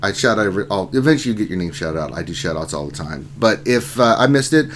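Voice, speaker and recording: A man's voice: on the low side, animated, fast talker. A man hosting a casual livestream, reading out chat names and greeting viewers one by one. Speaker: livestream host.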